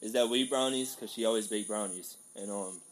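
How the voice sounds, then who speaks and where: Chatty man telling a story. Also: lowish voice. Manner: animated storyteller, quick to laugh. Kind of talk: casual chat.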